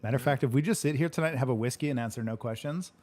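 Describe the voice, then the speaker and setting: A man's voice: mid-range voice, rapid-fire, darkish tone. A man hosting a casual livestream Q&A, joking, laughing often and swearing freely. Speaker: livestream Q&A host. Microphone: livestream microphone.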